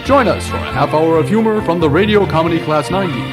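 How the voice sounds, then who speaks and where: A man's voice: a little high, fast, lightly acted. A man playing a cheesy theater-style announcer in a radio promo, bouncy and showy. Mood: cheery. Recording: music bed loud under voice.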